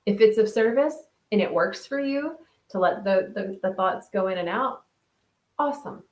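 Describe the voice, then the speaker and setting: Woman chatting about mindfulness on a live stream, lots of "right?" and restarts, middle pitch, echoey room. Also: animated, normal speed, a little mellow. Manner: chatty, thinks aloud with many restarts and "right?". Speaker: host of a mindfulness talk reading viewer comments. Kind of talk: casual live-stream chat. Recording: roomy echo.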